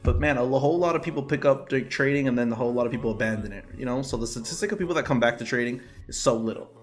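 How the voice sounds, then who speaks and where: A man's voice: medium pitch, rapid-fire. Profane young man hosting a trading livestream. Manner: loose, profane, bursts of laughter. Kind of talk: casual livestream chat with viewers.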